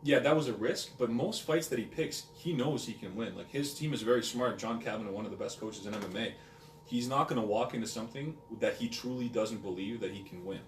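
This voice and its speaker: A man in a casual podcast chat giving rapid, animated opinions. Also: medium pitch, slight background noise. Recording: roomy room, distant mic, faint ambience.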